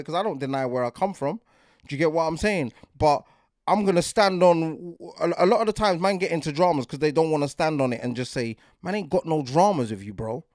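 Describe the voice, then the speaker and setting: A man's voice: a little high, darkish tone, dry recording, clean studio sound. A man in his forties with a London accent, hosting a podcast in casual, rambling talk that keeps asking if you get what he's saying. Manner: rambling, repeats "do you get what I'm saying", grows more heated. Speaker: podcast host.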